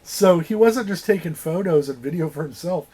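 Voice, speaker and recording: A man co-hosting a casual movie review show, retelling the plot in a lively way with swearing and acted-out quotes. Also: sits high, moderate pace, breathy edge. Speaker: podcast co-host.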